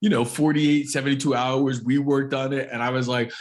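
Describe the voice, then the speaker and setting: A man hosting a podcast, excitable and self-deprecating, talking in quick bursts and laughing often. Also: mid-range voice. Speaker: podcast host. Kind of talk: podcast interview.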